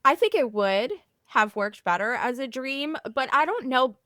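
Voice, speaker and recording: A woman with a high, bouncing voice chats on a podcast. She is playful and expressive, and she sounds dry and close to the mic. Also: dry recording. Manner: expressive and playful, quick to laugh. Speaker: podcast co-host. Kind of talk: casual chat.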